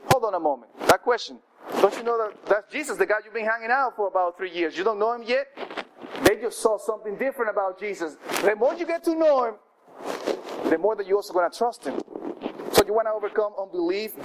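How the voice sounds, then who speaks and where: A man with a high voice preaches in a loose, conversational way, stumbling and restarting as he acts out quotes. There is clear background noise under the recording. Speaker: pastor. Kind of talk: sermon.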